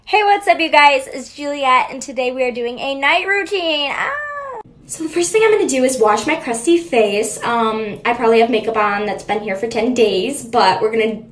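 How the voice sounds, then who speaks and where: A woman's voice: high voice, lively intonation, normal speed, slight background noise. A young woman vlogger chatting in an upbeat, goofy way. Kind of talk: casual vlog narration. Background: background music.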